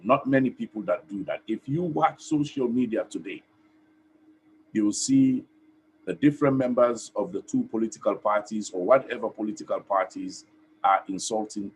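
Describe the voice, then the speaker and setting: A man from Sierra Leone with a Sierra Leonean accent, giving earnest, emphatic commentary on a live stream in short, paused phrases. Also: lowish voice, darkish tone, slight background noise, poor audio. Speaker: online TV host and activist. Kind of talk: direct-address commentary.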